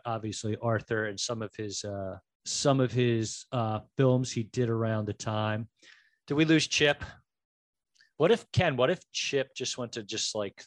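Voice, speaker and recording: A man hosting a casual movie podcast, animated and joking, leading the others into a quiz. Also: fairly low pitch, no room sound, clean studio sound. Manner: animated, quick jokes, runs the quiz segment. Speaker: podcast host.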